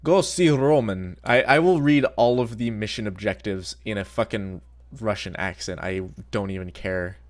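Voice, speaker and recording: A man's voice: lowish voice, normal speed. A man streaming a game and chatting casually, rambling and swearing as he plays. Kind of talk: casual gameplay commentary.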